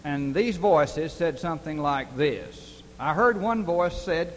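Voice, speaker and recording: A man's voice: a little high, lively intonation, slow pace, hardly any pauses. A man preaching a sermon, telling stories earnestly and building to emphatic questions. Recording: distant reverberant hall with faint hiss.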